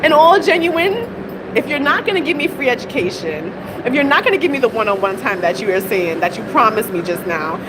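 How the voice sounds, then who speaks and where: Upset woman venting with a dry cough. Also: sits high. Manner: upset, repetitive rhetorical questions. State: dry cough, clearing throat. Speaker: vlogger. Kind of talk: venting vlog monologue. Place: outdoors on a city street, heading to a train. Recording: street noise behind.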